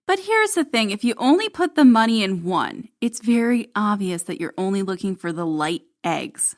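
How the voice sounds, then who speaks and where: Lively, snarky woman podcast co-host. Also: medium pitch, normal speed. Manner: snarky, expressive banter. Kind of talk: casual recap chat.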